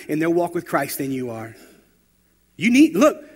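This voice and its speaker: Man preaching a lively sermon. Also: on the high side, a little slow, pauses often. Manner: storytelling, rising to loud emphatic preaching. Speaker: pastor.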